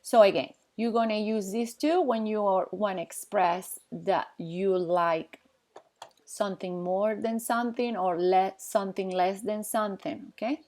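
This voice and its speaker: A woman teaches a Spanish grammar class, talking slowly and patiently. She stops now and then to write on the board and keeps asking the class whether they follow. Her voice sits in a middle pitch. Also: darkish tone. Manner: patient, explains slowly, checks in with "okay?"; pauses while writing on the board. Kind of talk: classroom lesson at a whiteboard.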